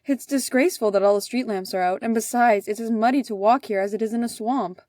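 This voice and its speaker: A woman voicing a fussy, indignant older male official who complains loudly. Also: on the high side, quick pace, no room sound, clean studio sound, close to an everyday voice. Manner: huffy and complaining.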